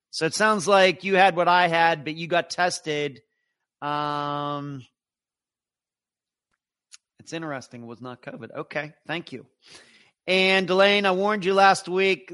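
A man's voice: fairly high pitch, pushed and bright, smooth, no echo. A man hosting a live true crime show, chatting casually and greeting viewers one by one. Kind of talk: casual livestream chat.

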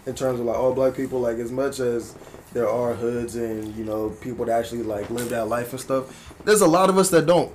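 A man's voice: medium pitch, brisk, slight background noise. A man in his twenties from South Berkeley, talking casually as a podcast co-host, with loose slang and lots of "like" fillers. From South Berkeley, California. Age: 20s. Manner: relaxed slang-heavy, many "like" fillers. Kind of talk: casual chat.

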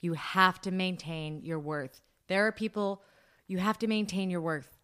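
A woman co-hosting a podcast in casual chat, who talks emphatically with halting restarts and frequent laughter. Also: lowish voice, fairly even intonation, fairly bright tone, smooth. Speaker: podcast co-host.

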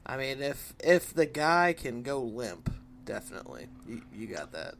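A man co-hosting a podcast, ranting and swearing in excitable casual chat. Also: medium pitch, moderate pace, a little hiss or hum. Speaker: podcast co-host.

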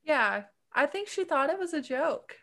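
A woman's voice: high-pitched, very animated, normal speed, a bit bright, dry recording. Woman co-host with a dry close sound. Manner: casual, hesitant restarts, quips and laughs. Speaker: podcast co-host, breakup coach. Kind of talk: casual chat.

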